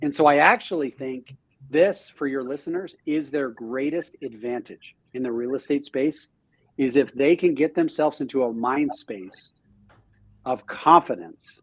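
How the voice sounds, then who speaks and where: A man talking as a podcast guest in a casual interview, animated and self-deprecating, often restarting his sentences. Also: medium pitch, measured pace, breathy edge. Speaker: real estate team leader, podcast guest.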